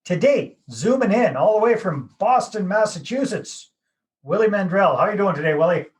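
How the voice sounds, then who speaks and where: A man's voice: sits high, animated, moderate pace. Upbeat Canadian podcast host, man. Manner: upbeat, jokey, chatty. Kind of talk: casual interview chat.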